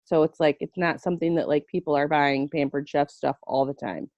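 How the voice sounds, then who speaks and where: A woman in her thirties who sells essential oils tells a story during a casual video call chat, animatedly quoting both herself and her friend. Her voice is deep and darkish, brisk, with fairly even intonation and no room sound. The audio is dull and lo-fi, typical of a video call.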